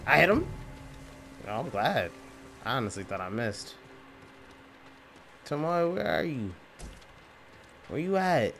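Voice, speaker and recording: Reactive male gamer with lively pitch. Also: measured pace, vocal fry, pauses often, slight background noise. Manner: reactive, exclaiming and trash-talking at the screen. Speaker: gaming channel host. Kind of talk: let's play commentary. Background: game music.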